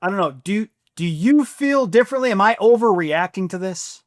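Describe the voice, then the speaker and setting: A man hosting a podcast, telling stories in an animated way and giving firm opinions. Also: high voice, normal speed, dry recording, clean studio sound. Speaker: podcast host. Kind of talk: casual chat.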